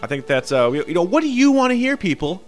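A man's voice: high voice, big pitch swings, fast talker, faint music behind. A young man co-hosting a casual podcast, rambling with lots of fillers and swearing freely. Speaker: podcast co-host.

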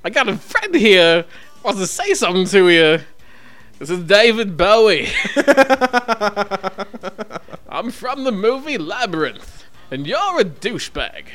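Man doing a sing-songy rock star voice, high and bright, theatrical. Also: sing-song, a little slow, pauses often, exaggerated voice. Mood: mocking. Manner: sing-songy, raised pitch. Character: impression of a famous male rock singer, sing-songy and theatrical.

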